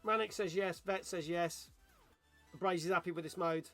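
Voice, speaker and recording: Bright-voiced man hosting a stream. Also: high voice, steady tone, moderate pace, faint music behind. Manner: joking, chatty, reads viewer messages aloud. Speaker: streamer host. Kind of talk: casual live-stream chat.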